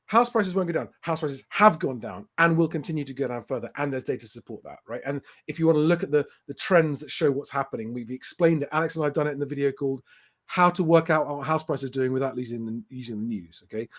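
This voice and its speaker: A man's voice: mid-range voice, quick pace. A man hosting a casual live stream, rebutting viewer comments point by point in an emphatic way. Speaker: host.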